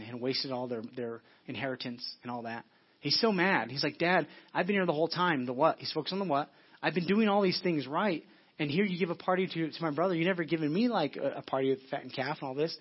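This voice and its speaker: Pastor guy preaching, kinda husky and a bit high, muffled dull recording, talks casual and earnest. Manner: earnest, repetitive, conversational preaching with many restarts. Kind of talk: sermon.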